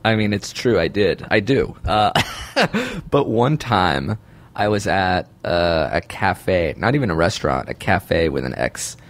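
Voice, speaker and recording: Young man, casual chat, rambling, self-deprecating, laughs a lot, lowish voice. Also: very animated, measured pace.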